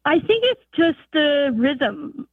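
A woman from North Dakota calls in to a radio show, her voice high and lifted. She talks eagerly, searching for her words. The sound comes through a tinny phone line. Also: sing-song, slow, no echo. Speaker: caller. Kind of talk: casual call-in chat.

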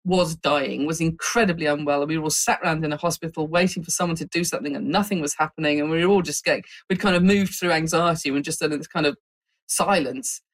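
A woman's voice: deep voice, fairly even intonation, fast talker. A woman with a Northern English accent, a neuroscientist telling a personal story in an interview, reflective and given to restarts. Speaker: neuroscientist guest.

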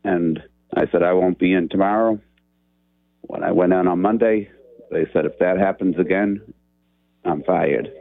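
A deep-voiced man telling his story over a tinny phone line, plain-spoken and easygoing. The sound is dry and narrow, as if squeezed through a call. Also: steady tone, moderate pace, gravelly, long pauses, no echo. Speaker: caller.

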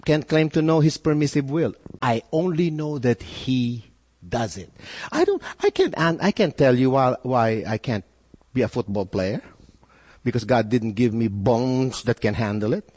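A man's voice: mid-range voice, unhurried, a little mellow. A man preaching a sermon as pastor, earnest and full of rhetorical questions, often repeating words as he builds a point. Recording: long reverb in a hall.

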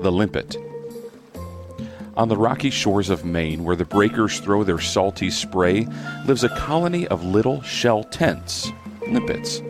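Man, very low voice, gentle read-aloud, music behind. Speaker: storyteller. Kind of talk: children's story reading.

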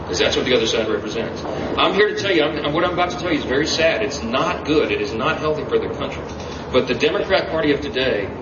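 Animated man giving a rally speech. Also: a little high, quick pace. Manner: emphatic, animated rally speaking. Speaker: politician at a campaign rally. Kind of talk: campaign stump speech. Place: campaign event. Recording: roomy, distant, dull, noisy rally audio.

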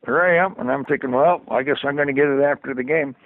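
In a medium-pitched voice at a quick pace, an older man recalls his time as a hockey trainer through folksy anecdotes and plenty of chuckles. The interview is carried on a dry, tinny phone line with no room sound.

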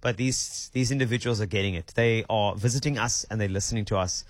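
A South African man hosting a radio show, chatting in a playful, animated way. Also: fairly low pitch, fairly quick, no room sound. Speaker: radio host. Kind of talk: casual radio chat.

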